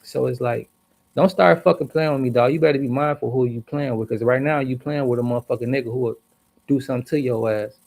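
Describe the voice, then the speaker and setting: A man tells a story on a livestream as a heated, profane rant, hitting his words hard. His voice has a rough, gravelly edge and sits at a middle pitch. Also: fast talker, darkish tone. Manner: angry, profane, emphatic.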